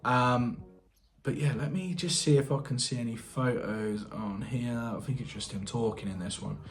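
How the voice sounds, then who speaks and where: A man's voice: mid-range voice, normal speed. A British man, a plumber and channel host, chatting casually in a reaction vlog, thinking aloud and asking viewers questions. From United Kingdom.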